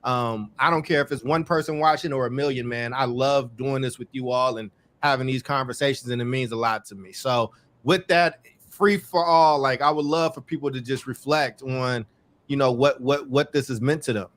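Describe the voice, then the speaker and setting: A man hosting a podcast in casual chat, warm and effusive, often repeating and stumbling over words. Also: mid-range voice, steady tone, moderate pace. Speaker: podcast host.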